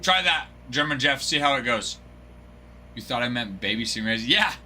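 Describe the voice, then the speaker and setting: Bright-voiced jokey stream host, man. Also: medium pitch, animated, normal speed, slight background noise. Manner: joking, laughs often, answers viewers by name. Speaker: card break livestream host. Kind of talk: casual livestream chat.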